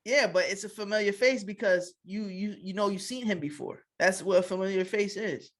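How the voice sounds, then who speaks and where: A man's voice: high voice, a little fast. Teasing man co-hosting a podcast. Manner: laughing, teasing banter. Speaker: podcast co-host. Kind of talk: casual chat.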